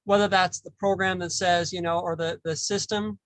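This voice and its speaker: A man hosting a casual spiritual discussion, talking haltingly and repeating words as he thinks. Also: high-pitched, little pitch movement, a bit bright, no echo, poor audio. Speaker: podcast host.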